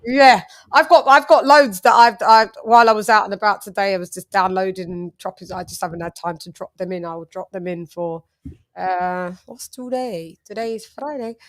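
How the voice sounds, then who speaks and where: A young British woman chats easily on her own boxing livestream, reading out viewers' comments and laughing along with them. Her voice sits at a middle pitch for a woman, relaxed and conversational. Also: moderate pace. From United Kingdom. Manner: chatty, laughing, shouting out viewers.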